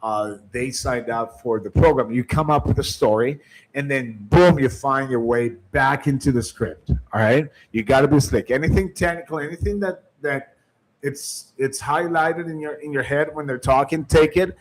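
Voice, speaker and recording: A man runs a sales coaching lecture in a plain, mid-range voice. He is emphatic and circles back over his points. He keeps checking in with a quick "right?". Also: medium pitch, poor audio. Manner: emphatic, repeats phrases, often asks "right?". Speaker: sales trainer.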